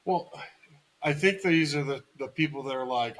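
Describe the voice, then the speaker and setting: A man's voice: on the high side, normal speed, a bit bright, rough recording. A man co-hosting a podcast, chatting casually in a matter-of-fact way with dry jokes.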